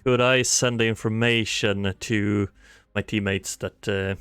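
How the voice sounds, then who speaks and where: A man playing a tabletop game, planning his moves in a deliberate, hesitant way. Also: fairly low pitch, fairly even intonation, a bit bright, clear, resonant tone, dry recording, soft background music. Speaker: player.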